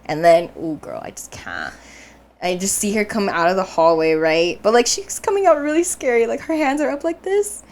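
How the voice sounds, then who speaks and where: In casual podcast chat, a young female co-host with a mid-range voice describes a dream at normal speed. She's lively in the telling, voicing the people in the story herself and laughing a lot.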